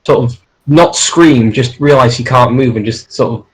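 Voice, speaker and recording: A man's voice: medium pitch, normal speed, poor audio. A man chatting casually with a friend, eagerly rambling through plot ideas he makes up as he goes.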